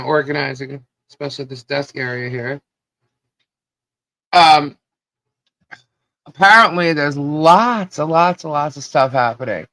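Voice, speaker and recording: Hoarse podcast host, slow-talking, bright tone, giddy, dry sound. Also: medium pitch, no echo. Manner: giddy, laughing, greets viewers by name. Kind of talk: live-stream chat greeting viewers.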